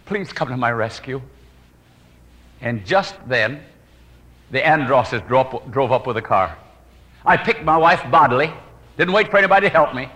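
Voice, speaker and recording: Man preaching, earnest storyteller, bright voice, hushed prayerful asides, echoing hall. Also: on the high side. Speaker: evangelist. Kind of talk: sermon storytelling.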